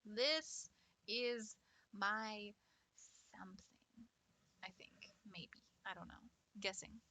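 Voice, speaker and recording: A woman's voice: medium pitch, takes it slowly, bright, forceful tone, no echo. A young adult woman streamer chatting casually with viewers, playful and teasing, laughing often. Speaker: art streamer. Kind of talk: casual livestream chat.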